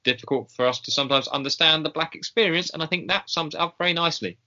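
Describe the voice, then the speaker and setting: A man co-hosting a podcast in casual chat, slow and hesitant with many ums and pauses. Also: a little high, pushed and bright, highs cut off. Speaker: podcast co-host.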